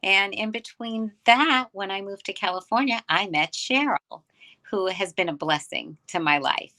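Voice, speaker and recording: A woman's voice: medium pitch, measured pace, bright, forceful tone. An older woman from New York, a guest telling her life story in casual interview chat.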